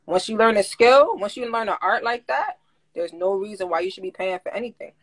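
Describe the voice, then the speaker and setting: A woman coaching listeners on credit in a casual livestream, talking in animated slang and laughing often. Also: mid-range voice, fairly quick. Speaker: credit coach teaching a class. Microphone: phone.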